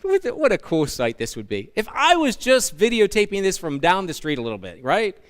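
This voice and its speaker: Brief: male pastor, animated storytelling sermon, smooth resonant voice. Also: sits high, a little fast. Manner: animated storytelling with humorous asides.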